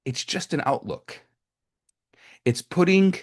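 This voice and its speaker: This rabbi's sermon to a live audience unfolds as casual storytelling, full of restarts and repeated phrases. He speaks a little slowly in an animated, medium-pitched voice.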